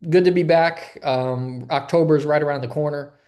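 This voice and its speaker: A man's voice: fairly high pitch, normal speed, darkish tone. Man, sports podcast co-host, laid-back, filler-heavy casual chat.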